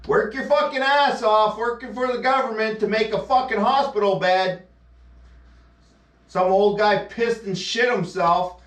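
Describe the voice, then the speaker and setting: Male streamer, scornful profane rant, voice a bit high, picked up distant in a roomy space. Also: unhurried, a bit bright. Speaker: live streamer. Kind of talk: angry rant reacting to a news clip. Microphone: action camera mic. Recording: echoey, distant from the mic.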